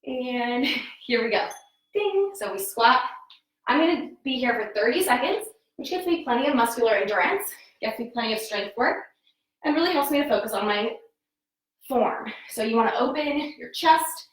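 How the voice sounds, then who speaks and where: An upbeat woman fitness coach talks through her exercises at home, calling out form cues while she works out. She sounds a bit winded and sits somewhat away from the mic. Her voice is a touch high and rings in a very echoey room. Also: expressive, moderate pace, recorded from a distance. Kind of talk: live workout instruction.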